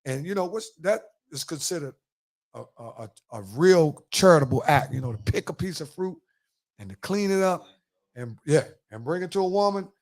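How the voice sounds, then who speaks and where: A man's voice: a little high, lively intonation, moderate pace. A man hosting a podcast in a casual chat, telling loose, profane stories and acting out quotes. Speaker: podcast host.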